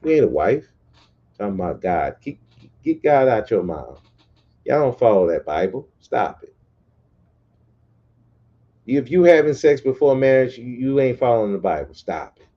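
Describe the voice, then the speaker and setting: A man's voice: mid-range voice, big pitch swings, normal speed, long pauses, dull audio. Blunt, profane man ranting. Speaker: podcast host. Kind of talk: casual livestream rant.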